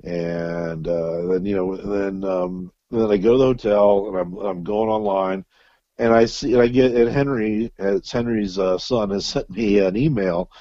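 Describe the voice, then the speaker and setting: A man's voice: lowish voice, moderate pace, dark tone, no room sound. Man, casual storyteller, swears a lot, dry dull-sounding recording. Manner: profane, rambling with fillers and restarts. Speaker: guest musician.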